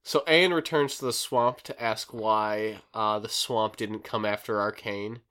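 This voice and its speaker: A man's voice: on the low side, fairly even intonation, measured pace, sharp tone. A man hosting a podcast who recaps a show in a rambling, casual way, full of fillers. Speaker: podcast host recapping an episode. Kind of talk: casual chat.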